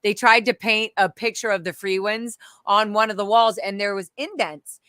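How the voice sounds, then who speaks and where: A woman's voice: medium pitch, moderate pace, clear, resonant tone, no room sound, studio quality. A woman guest telling candid stories in conversation, swearing freely and acting out other people's voices. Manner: animated, profane, acts out quoted voices.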